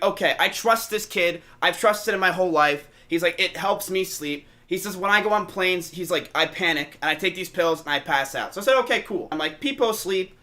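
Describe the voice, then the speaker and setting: A man streamer telling a story to his chat, casual and profane, acting out what people said. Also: high-pitched. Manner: animated, profane, acts out quotes.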